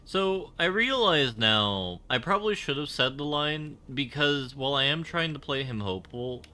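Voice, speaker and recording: A man's voice: medium pitch, animated, normal speed, sharp tone, clear, resonant tone. A young man casually commenting while live-streaming a game, rambling and giggling at his own jokes. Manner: giggly, rambling, self-deprecating.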